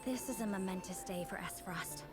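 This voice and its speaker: A woman's voice: mid-range voice, normal speed, over loud music, lightly acted. An actress voicing an earnest young noblewoman in a video game, speaking in formal, old-fashioned phrasing.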